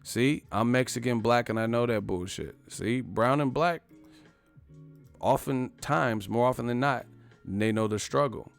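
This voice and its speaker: Man, live-stream host, casual profane chat, animated retelling, medium pitch, faint background music. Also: a little slow, vocal fry. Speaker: boxing channel host.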